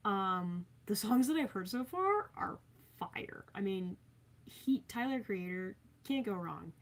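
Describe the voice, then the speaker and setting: A woman's voice: mid-range voice, expressive, takes it slowly. Young woman on a livestream in her bedroom, rambly and chatty, lots of ums. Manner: chatty and rambling, frequent filler words. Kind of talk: casual live-stream chat reading viewer comments.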